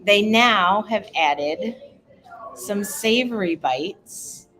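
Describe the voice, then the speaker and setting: A middle-aged woman co-hosting a casual travel livestream, chatting warmly with viewers by name and rambling through small details. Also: mid-range voice, lively intonation, drawn-out words, slight background noise, low-quality recording. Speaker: cohost of a cruise travel livestream. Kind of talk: casual live chat reading viewer comments.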